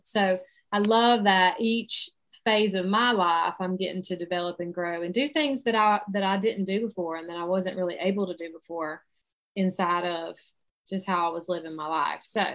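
A middle-aged woman from South Carolina with a Southern accent, leading a casual online coaching session on quitting alcohol, chatty and faith-centered. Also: medium pitch.

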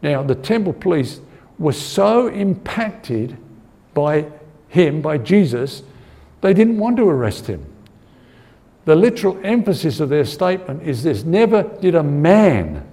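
A man's voice: on the high side, big pitch swings, a little slow, dark tone. Man preaching a Bible study in a reverberant hall. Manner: earnest, asks the audience for agreement, repeats words while thinking. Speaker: Bible teacher. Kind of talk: conversational Bible-study sermon.

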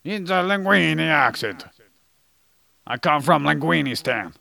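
A man chats casually as a podcast co-host, mixing facts with silly jokes. His voice is gravelly yet bright and forward. The recording has poor audio quality. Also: fairly high pitch, lively intonation, unhurried. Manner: jokey, goofy asides. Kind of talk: casual chat.

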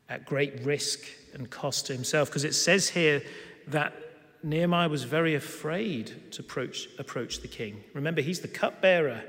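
A man preaching a sermon, telling a story and acting out the quoted lines with lively emphasis. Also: a little high, measured pace. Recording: long hall reverb.

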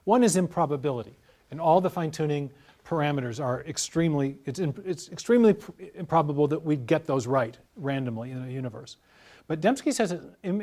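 A middle-aged man talking at length in an interview, in a measured, explanatory way, walking through illustrative stories. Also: fairly high pitch, darkish tone. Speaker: guest scholar.

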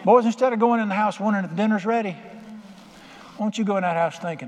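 A man's voice: high-pitched, quick pace, a little mellow, a little hiss or hum. An older man preaching a sermon as pastor, folksy and conversational, acting out quotes in plain voices. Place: church sanctuary. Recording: reverberant hall with faint ambience.

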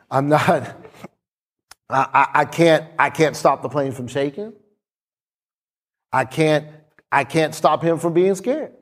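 A man preaching a sermon, telling a story with acted-out dialogue and sudden drops into soft, low tones. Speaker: pastor.

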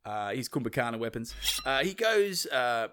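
A man's voice: medium pitch, big pitch swings, normal speed, fairly bright tone, clear, resonant tone. A man casually retelling an old myth as a podcast host, swearing freely and laughing often. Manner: laid-back, swears freely, laughs often, does mocking voices. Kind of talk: casual chat.

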